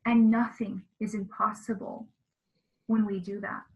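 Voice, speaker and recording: A woman's voice: mid-range voice, little pitch movement, unhurried, creaky, darkish tone, dull audio. A woman speaking as an interview guest, telling of spiritual experiences in an earnest, emotional way. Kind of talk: casual interview talk about spiritual experiences.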